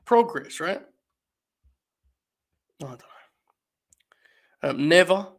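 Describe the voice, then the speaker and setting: Wry man, fairly high voice. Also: fairly even intonation, normal speed, fairly bright tone. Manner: rambling, wry, talks to the chat. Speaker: wrestling podcast host. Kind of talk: casual live-stream commentary.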